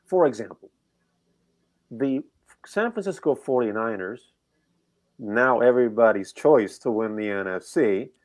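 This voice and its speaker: A man's voice: medium pitch, animated, measured pace, pauses often. A middle-aged man co-hosting a sports betting show, talking casually and animatedly, rambling and firing off rhetorical questions.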